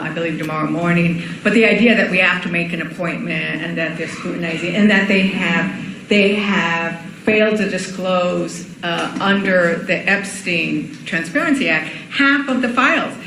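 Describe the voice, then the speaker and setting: A person giving a firm, deliberate public statement at a press event. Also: medium pitch, gravelly, fairly bright tone. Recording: echoey press clip with faint noise.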